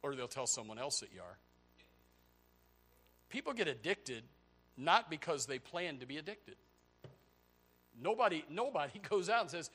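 A pastor preaching a sermon, swinging from loud, high outbursts to low, quiet stretches. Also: male voice, normal speed. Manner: animated preaching, voice rising to near shouts and dropping low.

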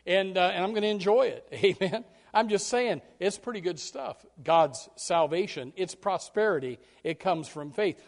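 A pastor preaching a sermon, repeating key words for emphasis and stumbling over restarts, swinging from low and quiet to high and loud. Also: male voice, expressive, moderate pace, hardly any pauses.

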